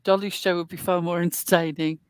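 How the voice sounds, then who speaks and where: A woman's voice: fairly low pitch, flat delivery, a little fast, dry recording, studio quality. A woman hosting a casual online talk show, chatting at length in a rambling way with plenty of fillers. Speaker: host. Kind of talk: casual podcast chat.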